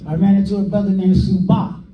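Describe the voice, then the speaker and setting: An older man telling stories from his past in a documentary interview, animated, acting out what people said, with hesitant fillers. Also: sits high, brisk, dull audio, faint music behind. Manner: animated, acts out quoted dialogue with hesitant fillers. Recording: roomy sound from a distant mic, faint noise.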